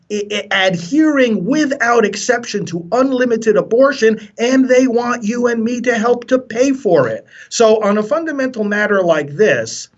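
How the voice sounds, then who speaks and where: A man with a high voice speaks as a priest in a radio interview, forceful and preacherly. He often stumbles and repeats words as he starts a sentence. The audio is dull and lo-fi.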